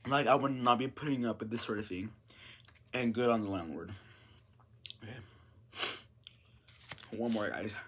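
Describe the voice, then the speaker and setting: A man's voice: medium pitch, moderate pace, long pauses, a bit bright, a little hiss or hum. Chatty man vlogging, full of fillers. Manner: chatty, full of "like" fillers, reacts and reads stories aloud. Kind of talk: casual storytime commentary.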